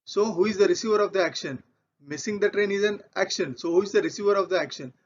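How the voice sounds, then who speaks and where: Talking fast, this grammar teacher still works patiently through example sentences one at a time over his slides, circling back to repeat his points. His voice is fairly high, and the audio comes across muffled and lo-fi.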